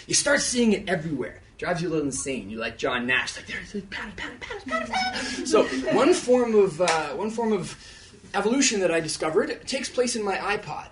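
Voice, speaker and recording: A young man with a Canadian accent performs rap comedy live on a theater stage, his high voice leaping around with animated energy. He plays with words in quick, rhythmic runs and laughs his way through the asides. The sound is caught from some distance away, with a faint hiss underneath. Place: theater stage before an audience.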